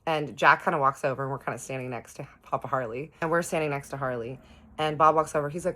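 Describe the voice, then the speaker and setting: A woman's voice: sits low, brisk, fairly bright tone. A woman chatting directly to her viewers as she tells a personal story in a storytime vlog. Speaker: storytime host.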